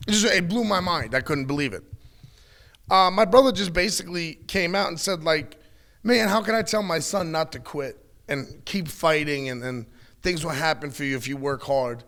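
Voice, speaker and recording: A middle-aged man in a candid interview, talking bluntly and with plenty of swearing as he tells animated stories. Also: a little high, vocal fry, a little hiss or hum. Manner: blunt, profane, animated storytelling. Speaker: wrestling guest.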